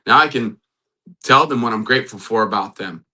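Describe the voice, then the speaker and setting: Bright, lower-voiced man giving earnest encouragement. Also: fairly quick. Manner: repeats affirmations in a soft, earnest voice. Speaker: host and matchmaker. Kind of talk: faith-based motivational talk.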